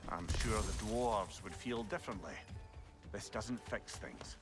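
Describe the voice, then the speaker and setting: A wry companion. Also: male voice, fairly low pitch, a little slow. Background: game music.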